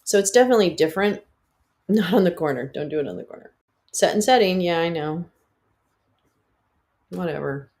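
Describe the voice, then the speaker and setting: A woman's voice: lowish voice, expressive, normal speed, long pauses, a little mellow. Rambling woman on a casual livestream. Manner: rambling, candid, swearing, laughing. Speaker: livestream host.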